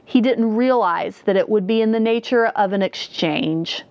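A towering male shadow monster speaks in a dry, slithery croak, cruel and sly, as a woman reading the story puts him on. The recording is dull and close, with no room sound. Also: medium pitch, moderate pace, a little mellow, dry recording, natural voice. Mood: menacing.

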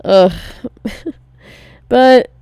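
Young female vlogger, twenties, casual and unfiltered, slow delivery, dry close-mic sound. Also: a little high, vocal fry, dark tone, smooth, no room sound. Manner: casual, swearing, many "like" and "um" fillers. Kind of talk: candid personal vlog.

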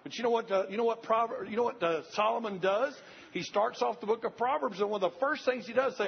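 Gravelly high-voiced older preacher. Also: male voice, fast talker, slight background noise. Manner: earnest, repetitive, addresses the congregation directly. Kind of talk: sermon. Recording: dull lo-fi recording.

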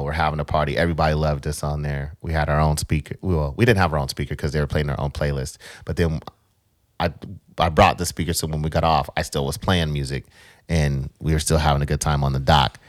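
A man's voice: a bass voice, dry recording, clean studio sound. A man casually telling a rambling travel story, repeating words as he goes.

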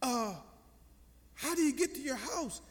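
An older man voicing a calm police officer gently coaxing a lost child, in a sermon story. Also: very high voice, measured pace, long reverb tail, voice pushed up.

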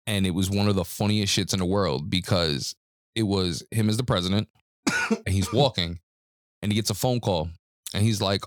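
A man with a lowish voice co-hosts a loose podcast chat, spinning long animated stories and laughing at his own jokes. He coughs now and then, and the sound is dry and close on his desk mic. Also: no room sound. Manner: animated storyteller, laughs often, drawn-out asides. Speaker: podcast co-host. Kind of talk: casual chat. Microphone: own desk mic with mute button.

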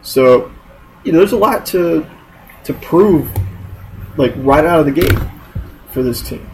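A man's voice: on the high side, animated, unhurried, darkish tone, a little hiss or hum, poor audio. A man co-hosting a casual sports chat, agreeable and giving his picks in short hedged phrases. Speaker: podcast co-host.

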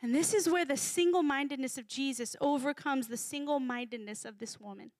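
A woman giving a sermon in a conversational, animated way, sometimes acting out voices. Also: high voice, brisk, no echo. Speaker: preacher.

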